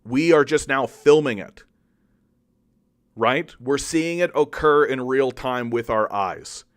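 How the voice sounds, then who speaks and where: A Canadian man hosting a political commentary show delivers a slow, angry monologue full of profanity and sarcasm. He often restarts and repeats his sentences, and he mocks opponents in exaggerated high voices.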